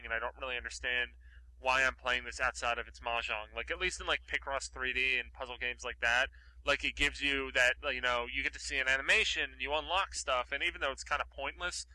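A man's voice: mid-range voice, sharp tone, dry recording, low-quality recording. A man co-hosting a podcast in casual chat, rambling with lots of fillers. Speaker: podcast co-host.

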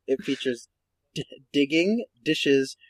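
A man chatting on a gaming podcast, telling a story with animated ups and downs and laughing at himself. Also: a little high, slow pace, dry recording, rough recording. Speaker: podcast co-host. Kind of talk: casual podcast chat.

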